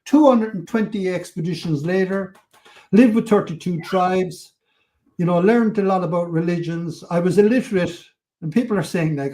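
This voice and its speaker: Older Irish man, Cork accent, lively raconteur with a slightly raised voice; a guest who acts out every scene. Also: high voice, moderate pace. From Ireland. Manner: animated, acts out quotes, swears freely. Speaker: podcast guest. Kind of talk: storytelling interview.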